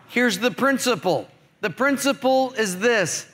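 A male pastor delivers a sermon with an animated, joking storyteller's manner. His voice sits very high and sounds bright and forceful. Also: measured pace.

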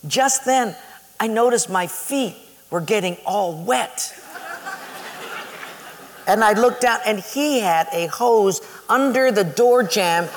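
A man preaching a sermon, telling a story in a lively way with laughter. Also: high voice, long reverb tail.

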